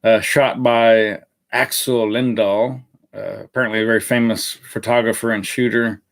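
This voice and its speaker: A man's voice: on the low side, little pitch movement, moderate pace, creaky. A man hosting a live fragrance review in a casual, rambling way, with many fillers and self-corrections.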